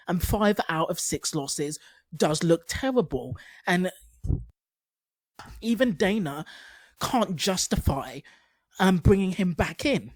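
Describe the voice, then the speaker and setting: A woman's voice: lowish voice, no room sound. A woman giving casual commentary as a YouTube commentator, chatty with sarcastic asides.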